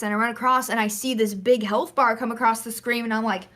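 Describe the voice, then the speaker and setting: A young woman co-hosting a gaming podcast, telling a lively story and acting out the lines. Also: a little high, a little fast. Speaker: podcast co-host. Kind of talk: casual chat.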